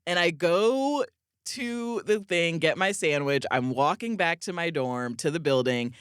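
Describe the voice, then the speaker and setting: A woman guest on a podcast telling a story in an animated, comic way, full of "like" and quick laughs. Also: fairly low pitch, clean tone, no echo, studio quality. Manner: lively, peppered with "like", laughs mid-sentence. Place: podcast studio.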